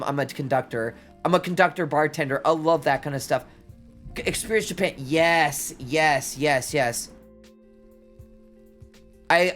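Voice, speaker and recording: A streamer chatting casually and excitedly to viewers, rambling between thoughts and often exclaiming. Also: mid-range voice. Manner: excitable, rambling, says "dude" and "oh my God" often. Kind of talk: casual livestream chat.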